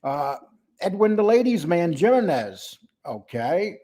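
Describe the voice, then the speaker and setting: A man's voice: high voice, sing-song, a little slow, warm tone. An older man hosting a casual livestream, greeting viewers by name and talking bluntly and mockingly. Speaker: livestream host.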